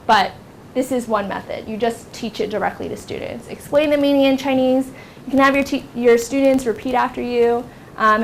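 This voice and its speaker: A woman's voice: mid-range voice, slight background noise. A young American woman teaching a teacher-training workshop in a classroom, speaking casually with many fillers like "like" and "um". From United States. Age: young adult. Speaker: workshop instructor.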